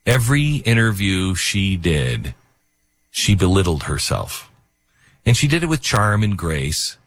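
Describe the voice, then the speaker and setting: A man hosting a talk radio show, speaking in an emotional, reflective, halting way. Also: sits low, sing-song, dry recording, clean studio sound. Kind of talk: casual talk radio monologue.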